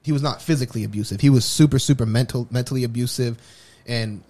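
Speaking fast in a dark, medium-pitched voice, this man co-hosts a podcast and shares a personal story. He rambles candidly and keeps restarting his sentences in this casual chat.

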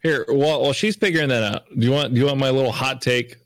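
A man's voice: medium pitch, quick pace, dry recording. A man in a casual group voice call, rambling through his opinion with lots of likes and restarts. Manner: rambling, many fillers. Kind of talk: casual chat.

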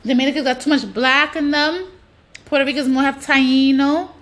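A woman's voice: high-pitched, moderate pace, a bit bright. A woman delivering a blunt, profane ranting monologue, hammering points with repetition. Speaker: social media commentator.

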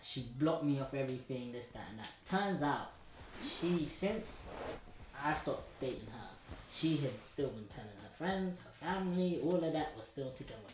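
A man's voice: on the high side, animated, normal speed, a little mellow, roomy sound, slight background noise, rough recording. A man, hosting a podcast and telling a candid story, rambling with lots of slang and restarts.

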